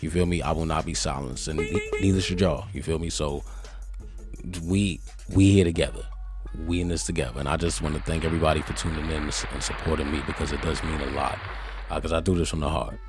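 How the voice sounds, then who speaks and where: A man hosting his own podcast, talking in a laid-back, conversational way with a deep voice and frequent asides to his listeners. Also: steady tone, quick pace, over loud music. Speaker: podcast host. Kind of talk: casual solo podcast monologue.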